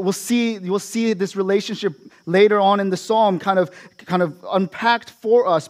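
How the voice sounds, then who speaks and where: High-voiced man preaching a sermon. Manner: expository preaching with frequent "right?" asides to the congregation. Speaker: pastor.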